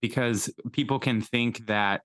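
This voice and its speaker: Enthusiastic male podcast host, smooth voice. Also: mid-range voice, fairly even intonation, a little slow, fairly bright tone, dry recording, studio quality. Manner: enthusiastic, relatable, complimentary. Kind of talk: casual conversational interview.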